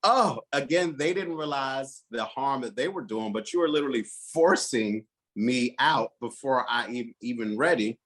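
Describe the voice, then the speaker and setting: A man telling his coming out story as a guest, animated and acting out the voices of his relatives. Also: mid-range voice, normal speed. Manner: animated, acts out quoted relatives. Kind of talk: personal storytelling.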